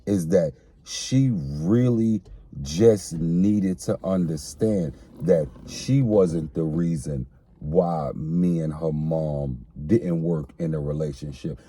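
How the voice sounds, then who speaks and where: A man with a low, dark, husky voice talks through a casual podcast chat. He explains things earnestly, slowly, and often restates a phrase before he goes on. The sound is dry and close to the mic. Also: no echo. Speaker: podcast co-host.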